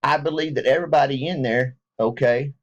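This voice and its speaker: A man talking to his viewers in a rambling spoken apology, folksy and meandering, often stopping to restart, and rising from low mutters to high laughing bursts. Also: fairly even intonation, brisk. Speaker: online video maker. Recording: dull lo-fi home recording.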